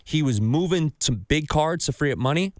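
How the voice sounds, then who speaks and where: A man's voice: on the high side, moderate pace. A man hosting a casual podcast, telling stories with lots of swearing and acting out other people's voices. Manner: animated storytelling, acts out voices of others, swears freely. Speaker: podcast host.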